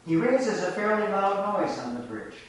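A man with a high-pitched voice and big pitch swings preaches a reflective sermon, telling a folk tale in a measured way and drawing lessons from it. He's recorded from a distant mic in an echoey room.

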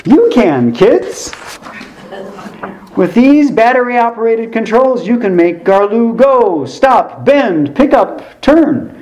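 Showy, raised-pitch male toy-ad announcer voiced by a man, bright and over the top. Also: sing-song, slow pace, highs cut off, exaggerated voice. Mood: peppy. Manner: dramatic, then bright and peppy.

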